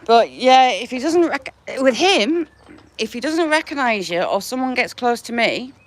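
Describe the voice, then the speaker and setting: A woman's voice: a little high, expressive, normal speed, a little hiss or hum. Chatty woman with chickens. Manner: chatty and affectionate, laughing between remarks. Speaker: livestream host feeding her chickens. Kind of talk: casual live chat with viewers. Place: outdoors in a chicken run. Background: chickens clucking and a rooster.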